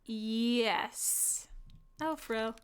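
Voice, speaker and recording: A woman streamer offers casual, playful gameplay commentary, chatting and riffing with her viewers. Her voice is on the high side, and she speaks very slowly.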